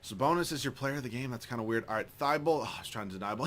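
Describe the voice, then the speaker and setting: A man giving live commentary over a basketball video game, excitable, swearing often and joking about his own skill, swinging from mumbling to yelling at the screen. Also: medium pitch, fast talker, few pauses. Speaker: gaming YouTuber.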